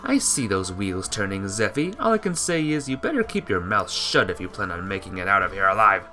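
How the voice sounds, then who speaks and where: A man's voice: on the low side, big pitch swings, brisk, pushed and bright, faint music behind. A man voicing a scornful, hostile young female witch, reading game dialogue in a sneering, threatening way. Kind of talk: game dialogue read aloud.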